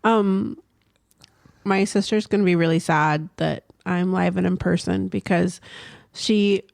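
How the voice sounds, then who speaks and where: A woman chatting casually as a podcast guest, with quick, dry quips. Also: fairly low pitch, fairly even intonation, vocal fry, darkish tone, no room sound. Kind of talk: casual chat.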